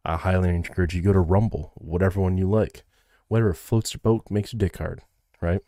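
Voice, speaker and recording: A man's voice: low-pitched, fairly even intonation, brisk, dark tone, no room sound, clean studio sound. A man co-hosting a casual podcast, joking crudely and laughing often. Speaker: podcast co-host.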